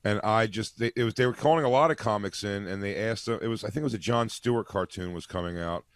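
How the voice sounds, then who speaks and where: A man's voice: lowish voice, quick pace, no room sound. A man, a comedian, telling a long self-deprecating story about a failed audition, laughing as he goes. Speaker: comedian guest. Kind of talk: animated storytelling.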